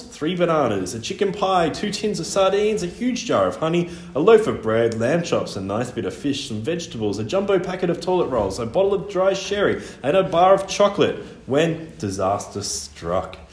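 Animated male storyteller in an echoey room. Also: moderate pace, few pauses. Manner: animated, wide swings in pitch and loudness. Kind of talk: reading a children's story aloud. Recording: echoey room with faint ambience.

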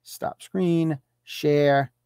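A man's voice: fairly high pitch, fairly even intonation, drawn-out words, warm tone, clear, resonant tone, dry recording, clean studio sound. A man hosting a live show, ranting with profanity and sarcasm and firing off mocking rhetorical questions while reading rules aloud.

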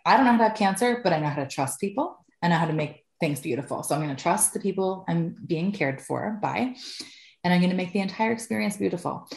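A woman's voice: on the low side, a little mellow, reverberant. A woman in her thirties, a podcast guest, telling her own story candidly, swearing freely and laughing often.

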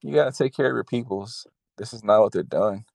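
A man's voice: on the low side, brisk, vocal fry, a little mellow, no echo. Profane, ranting man on a call. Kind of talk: casual chat over a video call. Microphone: video call over the internet.

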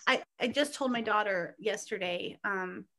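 A woman author, a guest on a podcast, speaking earnestly about faith and slowing down to stress her points. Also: mid-range voice, bright, forceful tone. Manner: earnest, faith-filled, slows for emphasis. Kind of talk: casual chat.

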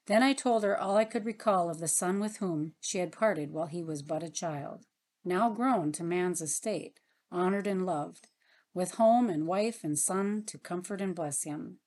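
A woman reading a story aloud as narrator, in a gentle, earnest manner. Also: on the low side, unhurried. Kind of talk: audiobook narration.

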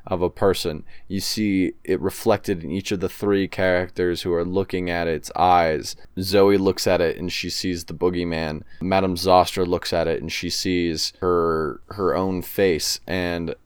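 A man co-hosting a podcast, slowly describing a spooky story scene in a measured storytelling way. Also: low-pitched, little pitch movement, clean tone, no room sound. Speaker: podcast co-host.

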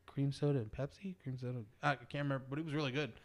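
A man's voice: mid-range voice, fairly even intonation, racing. A man in his thirties chatting casually and telling stories with a laugh. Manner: chatty storyteller, laughs at his own jokes. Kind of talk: casual chat.

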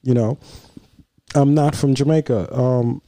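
A man's voice: mid-range voice, steady tone, a little slow, warm tone, no echo. A young man from Nigeria co-hosting a podcast in casual, joking chat, rambling with fillers. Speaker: podcast co-host.

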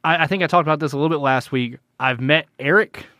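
A man with a bright, slightly high voice hosting a gaming chat. He jokes loosely and swears offhandedly. The sound is dry and close. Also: fast, no room sound. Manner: joking, casually profane. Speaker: podcast host.

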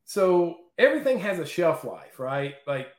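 Animated man telling stories, roomy sound. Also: on the high side, moderate pace. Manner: animated, chatty, frequent "okay?" and "right?". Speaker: interview guest. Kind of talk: casual storytelling in an interview.

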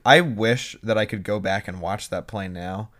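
A young man co-hosting a podcast, chatting casually and telling animated stories with quoted asides. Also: lowish voice, moderate pace. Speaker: podcast co-host. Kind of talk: casual chat.

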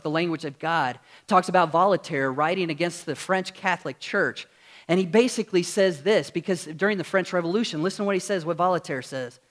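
A man's voice: high-pitched, fairly bright tone. A pastor preaching a sermon to his congregation in a church, earnest and full of rhetorical questions. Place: church sanctuary with screen.

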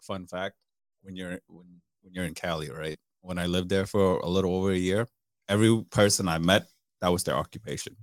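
A man's voice: low voice, a little fast, no room sound, clean studio sound. A man in casual podcast chat, swearing freely and laughing through his stories. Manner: profane, laughs often, animated storytelling.

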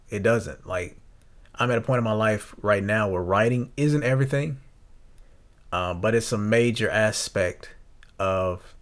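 Young guy hosting a podcast, lowish voice, earnest and reflective, lots of ums and restarts. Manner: earnest, halting with restarts and fillers. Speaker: podcast host. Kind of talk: reflective personal talk.

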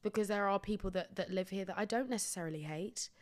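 A woman's voice: mid-range voice, fast. Blunt, sweary British woman host. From Britain. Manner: blunt, sweary, self-deprecating. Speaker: podcast host. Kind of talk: comic storytelling monologue.

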